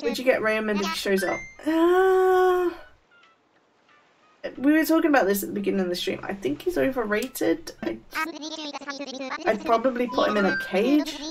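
A woman's voice: high-pitched, animated, normal speed, pauses often, distant mic, music in the background. A woman chatting casually on a game live stream, rambling with stammered restarts and frequent laughs.

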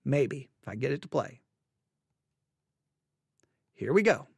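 A man's voice: mid-range voice, big pitch swings, takes it slowly, vocal fry, breathy edge, dry recording, studio quality. A man teaching a casual Bible word study, thinking aloud and repeating words as he reads verses and notes.

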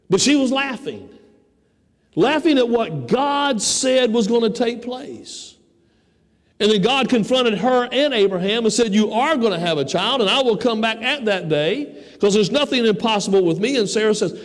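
High-voiced man preaching in a church. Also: lively intonation, moderate pace. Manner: emphatic preaching, acts out quoted voices. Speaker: pastor. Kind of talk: sermon. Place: church sanctuary. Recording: church hall reverb.

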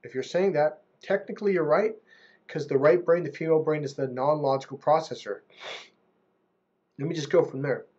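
A man with a fairly high, husky voice, coaching on relationships in a casual talk to camera. He is animated and slips into impressions of other people as he goes. The audio sounds dull and lo-fi. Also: a little fast.

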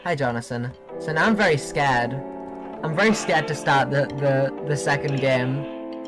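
A young man streaming a video game live, chatting excitably and giggling with his viewers. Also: fairly high pitch, normal speed, music in the background. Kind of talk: live gameplay commentary.

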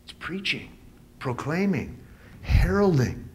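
A man's voice: fairly high pitch, very animated, slow, a little hiss or hum. Emphatic man preaching a conference sermon. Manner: emphatic, swinging between hushed asides and loud exclaims; rhetorical questions, punchy repetition. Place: church sanctuary before a live audience.

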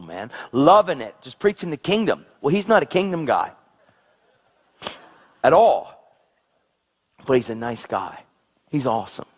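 A male preacher with a husky, slightly breathy voice delivers an excitable sermon. His pitch leaps about, dropping low and intense, then shooting up in exclamations. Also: normal speed, pauses often. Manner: excitable, exclamatory, swings between low intensity and high outbursts.

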